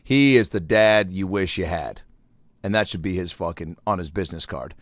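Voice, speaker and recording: A man in his thirties hosts a solo comedy podcast, telling rambling, profane stories and acting out the people in them. His low-pitched voice moves at normal speed in clean studio sound with no room noise.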